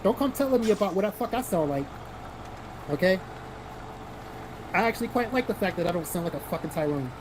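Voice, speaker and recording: South carolina guy streaming, reads chat out loud and swears a lot, blunt, kinda noisy mic with cars going by. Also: high-pitched, animated, brisk, long pauses. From South Carolina, American South. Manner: blunt, profane, reads viewer comments aloud. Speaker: livestream host reading chat. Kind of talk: casual livestream chat.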